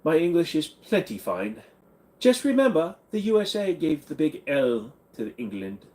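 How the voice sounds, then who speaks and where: A man's voice: fairly high pitch, very animated, normal speed, darkish tone. A man hosting a casual livestream Q&A, answering viewer questions in a blunt, offhand and joking way. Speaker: channel host.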